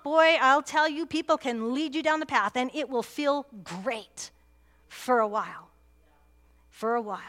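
A woman's voice: high voice, fairly bright tone. A woman pastor preaching a sermon, earnest and emphatic, repeating key phrases for weight.

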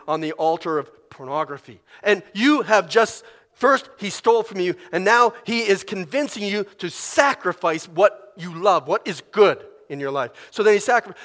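A male preacher giving a sermon in an animated, conversational way, often acting out inner voices. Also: high-pitched. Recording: long reverb of a large hall.

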